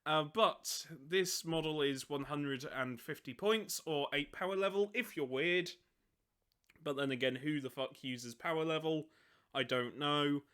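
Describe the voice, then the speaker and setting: Host, male; loose giggly ramble, bright tone. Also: fairly high pitch, measured pace, clear, resonant tone. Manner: giggly, keeps breaking into laughter; rambling, self-mocking. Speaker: hobby channel host. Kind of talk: casual chat.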